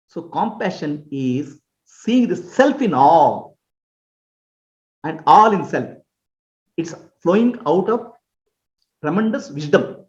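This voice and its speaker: Lively-voiced man teaching in a roomy hall. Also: high voice. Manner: explains with homely examples, checks understanding, chuckles often. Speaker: spiritual teacher. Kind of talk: spiritual Q&A teaching. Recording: roomy, dull lo-fi recording.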